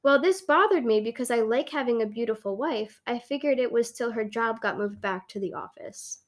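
A woman's voice: fairly high pitch, animated, moderate pace. Giggly young woman podcast host. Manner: giggly, playful. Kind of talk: casual chat, reading posts aloud.

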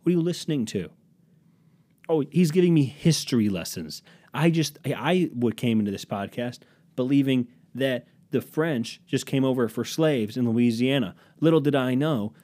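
A man from Massachusetts hosting a solo podcast from his basement, rambling crudely with lots of swearing and sudden loud put-on voices. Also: mid-range voice. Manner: crude, profane, jumps into loud impressions. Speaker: podcast host. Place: home basement.

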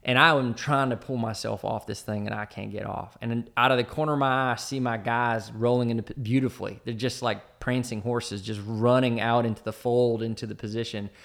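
A man's voice: medium pitch, fairly even intonation, brisk, vocal fry, few pauses, fairly bright tone. A man who once led a military team, telling a personal war story casually and rambling with lots of fillers. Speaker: former team leader in the military.

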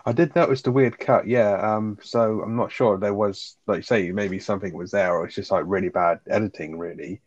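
A man chatting casually on a podcast, retelling sitcom scenes with swearing and quick asides. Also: on the low side, fairly even intonation, dry recording, lo-fi sound. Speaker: podcast co-host. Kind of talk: casual chat reviewing a sitcom episode.

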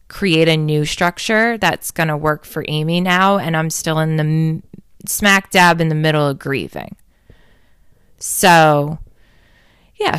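A woman's voice: sits low, fairly bright tone, clean tone, no room sound, clean studio sound. A young adult woman hosting a casual confessional talk, candid and rambling, swearing freely and poking fun at herself.

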